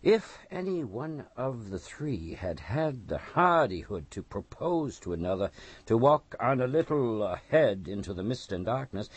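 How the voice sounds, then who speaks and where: Husky, expressive male audiobook narrator. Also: mid-range voice, no echo. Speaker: audiobook reader. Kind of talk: scripted narration.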